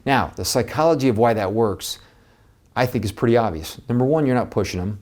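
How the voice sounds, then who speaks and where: A man giving an energetic, conversational coaching talk to real estate agents, speaking with emphasis. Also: medium pitch, fairly quick.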